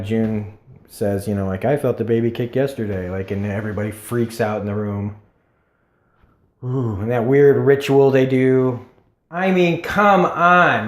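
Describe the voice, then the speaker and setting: A man's voice: mid-range voice, darkish tone. A man casually reviewing a TV episode on camera, rambling and cursing, full of fillers like "you know". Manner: rambling, profane, with many fillers. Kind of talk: casual solo video review. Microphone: camera mic. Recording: roomy echo.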